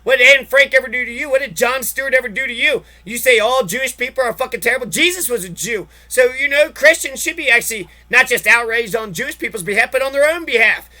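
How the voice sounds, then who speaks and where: Male podcast host, very high pitch, profane, exasperated political rant. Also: quick pace, hardly any pauses, pushed and bright. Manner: heavy swearing, exasperated ranting.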